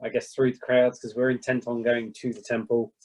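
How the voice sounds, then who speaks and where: A man in an online tabletop game talks through his choices in a relaxed, hesitant way. His voice is mellow and a little husky. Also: mid-range voice, brisk. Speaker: player. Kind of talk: casual game chat.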